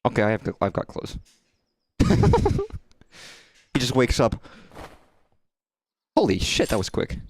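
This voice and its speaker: A man's voice: mid-range voice, wildly swooping pitch, slow pace, pauses often. A man commenting casually while streaming a game, chatty and echoing lines from the game in voices. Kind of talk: live gameplay commentary.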